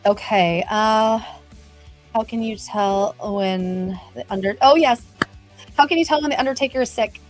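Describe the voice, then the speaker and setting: A middle-aged woman hosting a casual livestream, chatty and bubbly, greeting viewers by name. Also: medium pitch. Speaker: livestream host.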